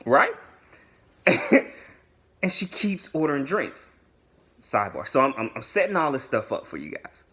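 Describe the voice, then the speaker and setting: Young man, bright and animated storyteller, slangy vlog narration that acts out every quote. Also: medium pitch, measured pace, long pauses. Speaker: vlogger telling a dating story. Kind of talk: casual storytime.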